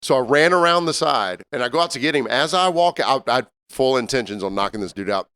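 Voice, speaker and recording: A man, co-hosting a podcast and telling an animated, laughing story from his bartending job. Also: mid-range voice, fast, clear, resonant tone, no room sound, studio quality. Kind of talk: casual storytelling chat.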